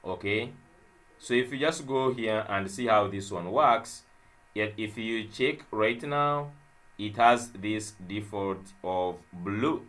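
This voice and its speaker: Slow, low-voiced man teaching code. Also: fairly bright tone. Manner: thinks aloud while typing code, many fillers and repeated phrases. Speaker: web development tutor. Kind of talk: screen-share coding tutorial.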